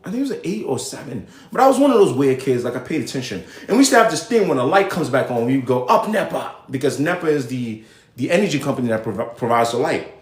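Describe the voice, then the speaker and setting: A young adult man from Nigeria hosting a live show in casual commentary, animated and rambling, often cutting himself off. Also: medium pitch. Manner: animated, rambling, self-interrupting. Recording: echoey room.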